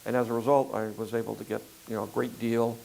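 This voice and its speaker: An older man filmmaker in a relaxed interview conversation, talking in a rambling way with frequent fillers and restarts. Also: medium pitch, quick pace, gravelly, slight background noise, poor audio. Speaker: filmmaker guest.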